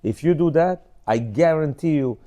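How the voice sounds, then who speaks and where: A middle-aged man leads a Torah class on marriage with a notably high-pitched voice. He talks emphatically and scolds his listeners, repeating each point several times. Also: expressive, moderate pace, dark tone. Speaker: religious teacher.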